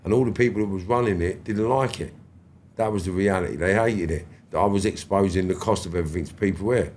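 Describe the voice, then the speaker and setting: Man, 50s, London accent, very low voice, animated street talk, interview storytelling. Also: quick pace, a little hiss or hum. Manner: animated, swears freely, slangy street talk. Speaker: podcast guest.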